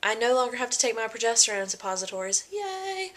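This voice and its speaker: A woman's voice: fairly high pitch, steady tone, rapid-fire, fairly bright tone. A young woman talking casually in a pregnancy vlog, chatty and full of fillers, often acting out what people said. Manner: chatty, many fillers and quoted voices. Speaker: vlogger.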